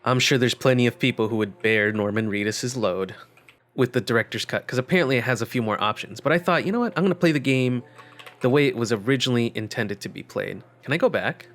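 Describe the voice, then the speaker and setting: A man's voice: medium pitch, fast, fairly bright tone. A young man giving casual let's-play commentary, wry and joking as he thinks aloud. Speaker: gaming channel host.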